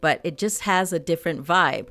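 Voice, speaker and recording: A woman's voice: on the low side, moderate pace, pushed and bright. A middle-aged woman vlogging a fashion haul in casual chat, laughing often and talking straight to her viewers.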